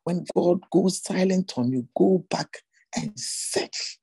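Woman, testimony sermon, husky breathy voice, mellow dark tone, earnest, repeats rhetorical questions. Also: lowish voice, takes it slowly, no echo, poor audio. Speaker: women's ministry speaker.

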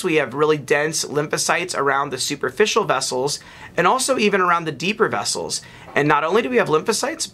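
A man with a bright, slightly high voice explains pathology slides in a loose, unscripted way. He pauses with ums and restarts phrases as he points things out. It sounds like a narrated teaching recording. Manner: relaxed explaining with fillers and restarts. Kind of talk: narrated microscope slide lecture.

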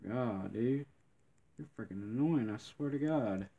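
A man's voice: mid-range voice, a little slow, gravelly, mellow, dull audio. A man giving live gameplay commentary, grumbling and complaining in frustration with mild cursing throughout.

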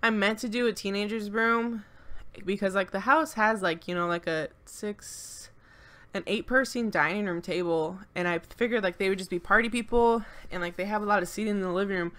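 A woman's voice: mid-range voice, a little fast, a bit bright. A young woman with a mid-range voice chats through a loose game voice-over, filling her sentences with little fillers and playful bragging. She sounds slightly stuffy-nosed and a touch out of breath. She is talking into a desk mic at home. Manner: rambling, filler-heavy, playfully boastful. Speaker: co-host of a game channel. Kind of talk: casual gameplay voice-over. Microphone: desk microphone at home.

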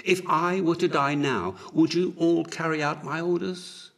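A dying young prince whispers his last wishes, faint and pleading, as a male narrator puts him on. The voice sits mid-height and moves slowly, breath thinning out. It is a storybook reading. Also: mid-range voice, expressive, gravelly, breathy edge, voice pushed up, full character voice. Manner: weak whispering voice. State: dying, barely audible.

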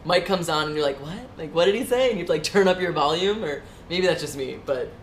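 A man's voice: on the high side, expressive, fast, fairly bright tone, reverberant, a little hiss or hum. A man with an American accent, co-hosting a casual vlog in a playful, giggly, theatrical way. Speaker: vlog co-host. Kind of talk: casual chat.

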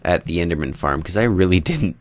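A man's voice: sits low, lively intonation, fairly quick, no room sound. A young man giving casual, rambling commentary over his own gameplay, chatting to viewers and joking about himself. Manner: rambling, self-deprecating, talks to viewers while building. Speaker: Minecraft let's play host.

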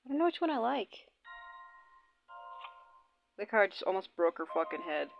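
A woman's voice: medium pitch, big pitch swings, moderate pace, gravelly. A young woman host chatting casually and with lots of swearing while commenting on her gameplay. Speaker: gaming channel host. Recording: dull lo-fi audio, faint game music.

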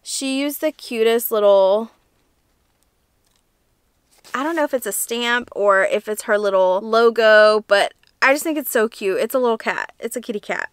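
A chatty young woman with a slightly high, smooth, clear voice. She is talking casually to her viewers in a crochet vlog, gushing with plenty of fillers, and she sounds teary and emotional. The sound is close and dry, with no room around it. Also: normal speed, no echo. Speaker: crochet vlogger.

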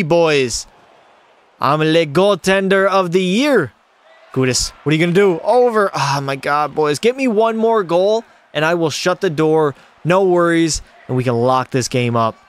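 A man's voice: fairly high pitch, lively intonation, a little fast. A young man streaming a hockey video game, doing hyped play-by-play and answering chat with jokes. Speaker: gaming streamer. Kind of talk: live gameplay commentary with chat.

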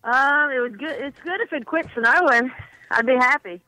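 A woman's voice: sits high, moderate pace, pushed and bright, dry recording, rough recording. A woman from Georgia, a band booking agent, chatting as a guest over the phone on a radio show and laughing often. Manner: friendly and giggly, laughs often. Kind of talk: casual phone interview.

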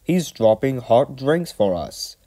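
A man's voice: medium pitch, very animated, slow pace, mellow, voice pushed up, heavily acted. A man voicing a cheerful male engine driver in a storybook, amused and reassuring.

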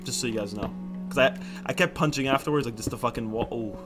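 A young man doing casual Minecraft let's play commentary, excitable and swearing often, with sudden loud outbursts. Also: mid-range voice, fast, over music. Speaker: gaming YouTuber.

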